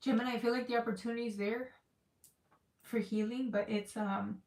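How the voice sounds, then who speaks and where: A woman's voice: fairly high pitch, steady tone, brisk, a little mellow, recorded from a distance. Female tarot reader, earnest and repetitive, recorded in an echoey room off-mic. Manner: emotional, repetitive, searching for words. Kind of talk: casual tarot reading.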